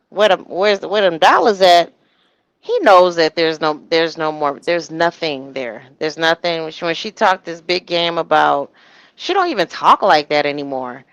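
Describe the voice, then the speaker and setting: Gravelly-voiced woman ranting on a livestream. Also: fairly low pitch, no room sound, rough recording. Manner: animated ranting with frequent restarts, mimics others. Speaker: livestream co-host. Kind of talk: casual gossip commentary.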